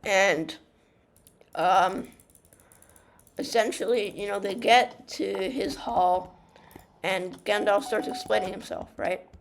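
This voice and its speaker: A woman's voice: mid-range voice, slow, creaky, pauses often, slight background noise. A young woman giving casual gaming commentary, rambling and ranting through a story retelling with many fillers, restarts and swearing. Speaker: gamer.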